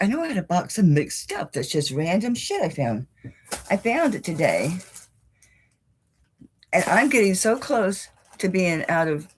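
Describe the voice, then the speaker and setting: Breathless chatty woman. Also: medium pitch. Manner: chatty, self-deprecating, greets viewers by name. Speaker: jewelry auction host. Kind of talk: casual live-stream chat. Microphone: on-camera mic.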